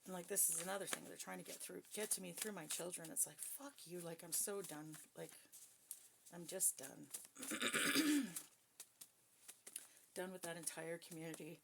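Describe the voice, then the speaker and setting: Woman, psychic reader, casual talk to viewers, blunt, swears a lot, slightly low voice. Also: moderate pace, creaky, pauses often, background noise. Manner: blunt and profane, emphatic.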